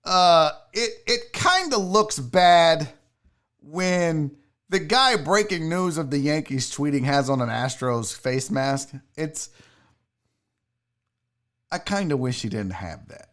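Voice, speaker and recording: Man, sports talk host, mocking profane rant, pitch swings wide. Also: expressive, slow. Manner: loud, mocking, profane ranting.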